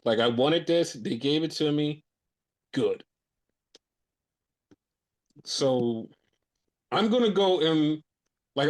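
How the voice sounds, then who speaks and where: A man hosting a casual podcast, ranting and swearing heatedly as he tells his stories with lots of energy. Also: mid-range voice. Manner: excitable, animated storytelling. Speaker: podcast host. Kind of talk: casual wrestling podcast chat.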